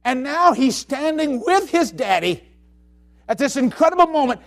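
A man preaching a sermon, telling stories and repeating phrases, swinging between hushed tones and shouting. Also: very high voice, big pitch swings, normal speed, gravelly. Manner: storytelling, repeats phrases for emphasis.

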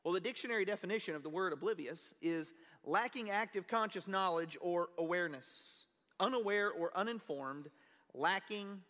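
A pastor preaching a sermon, telling a personal story in an earnest, conversational way. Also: male voice, a little high, a bit bright. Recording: long reverb of a large hall.

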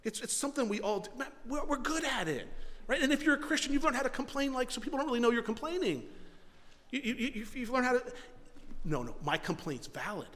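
A man preaching a sermon as pastor, telling stories in a lively way with quick repeated phrases, then dropping to a low, quiet voice for solemn points. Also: big-room sound. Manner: animated storytelling with rapid repetitions and self-mocking asides.

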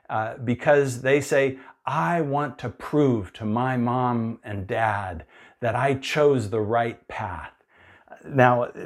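Slow-talking guy preaching, chatty and easygoing, mid-pitched voice. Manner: unhurried, conversational preaching with playful voiced asides. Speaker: pastor. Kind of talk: sermon.

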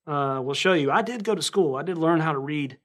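A man with a Southern accent from North Carolina gives a relaxed sermon to a camera. His voice sits a little high, and he keeps checking in with his listeners as he talks and reads scripture aloud. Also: a little fast. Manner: conversational, checks in with "right?" often. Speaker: pastor. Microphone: camera recording.

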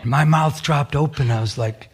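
A man preaching a sermon with a somewhat high voice. He tells a personal story earnestly, often restarting his sentences as he goes. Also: moderate pace, vocal fry, background noise. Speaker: pastor.

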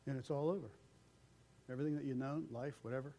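An older man preaching a conversational sermon as pastor, acting out quoted voices and swinging between loud calls and hushed lines. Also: medium pitch, fairly even intonation, fast.

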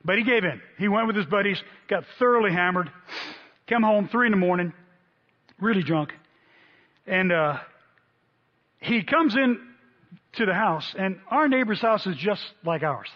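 Animated high-voiced preacher man. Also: moderate pace, pauses often. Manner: animated storyteller, voices quotes loudly. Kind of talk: sermon storytelling. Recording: dull sound in a long-reverb hall.

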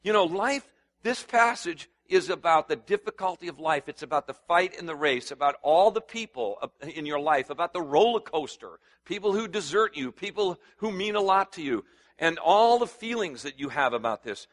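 A man preaching a sermon to his congregation in a conversational way that turns louder and higher as he gets stirred up, asking them to respond. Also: expressive, normal speed. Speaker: pastor.

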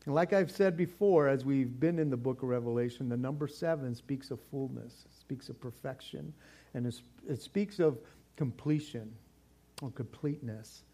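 A man preaching a sermon in an animated, casual way, repeating words for stress and dropping in slang. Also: medium pitch, moderate pace. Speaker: pastor.

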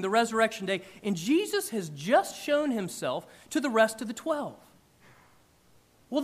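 A man preaching a sermon in church, emphatic and animated, with big swings in loudness. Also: extremely high pitch. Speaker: pastor.

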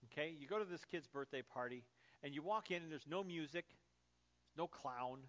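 A man in his thirties preaching a sermon as a pastor, telling stories in an animated, conversational way with fillers. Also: fairly high pitch, moderate pace, lo-fi sound.

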